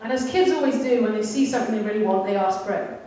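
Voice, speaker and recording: A woman's voice: medium pitch, fast talker, dark tone. Woman preaching in an echoey hall. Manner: candid, self-deprecating storytelling. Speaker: church speaker. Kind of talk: sermon with personal story. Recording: echoey hall, mic at a distance.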